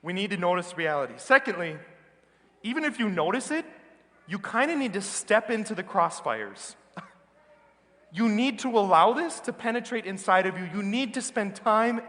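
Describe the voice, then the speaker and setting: A man with an American accent preaching a sermon as a priest, earnest and emphatic, slowing down on key words. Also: high voice, very animated, bright, forceful tone. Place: large church. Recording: reverberant church hall.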